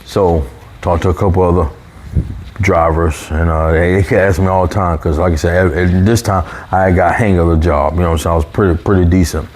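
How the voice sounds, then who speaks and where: Low-voiced man telling a story casually. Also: a little fast, a little hiss or hum. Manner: animated, raises pitch when quoting coworkers.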